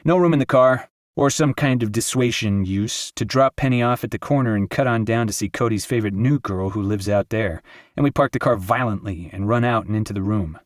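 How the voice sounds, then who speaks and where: Low-voiced man reading an audiobook. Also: brisk, no echo, studio quality. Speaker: audiobook narrator. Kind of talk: scripted narration.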